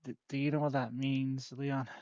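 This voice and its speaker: A man with a slightly higher voice rambles and jokes his way through a casual gaming session, often laughing at his own jokes. The sound is dull and lo-fi with a very dry, close mic. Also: normal speed, darkish tone, no echo. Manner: joking, giggly, rambling. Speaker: let's play host.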